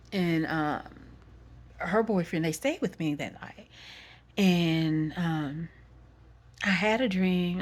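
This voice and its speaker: A woman with a Texan accent telling a personal story in a loose, rambling way, often correcting herself and saying "y'all.". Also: lowish voice. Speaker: vlogger. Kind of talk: casual storytime.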